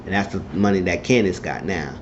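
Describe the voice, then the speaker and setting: With a low voice and a fairly quick delivery, a TV show reviewer casually recaps an episode, rambling through the plot and voicing the characters' lines in changing tones. The room sounds dull and echoey, and there's noise in the background.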